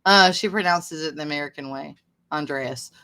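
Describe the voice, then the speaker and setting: A woman hosts a casual live stream over video call. Her voice sits a touch low but sounds bright and forward. She reads notes aloud and breaks off to comment and curse casually. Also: lively intonation, measured pace, poor audio. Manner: chatty, thinks aloud, swears casually. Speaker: host. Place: home video chat.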